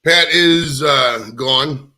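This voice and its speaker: A man's voice: mid-range voice, extremely slow, sharp tone. A man hosting a live stream, chatting casually in a crude, rambling, profane way. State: out of breath. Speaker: livestream host.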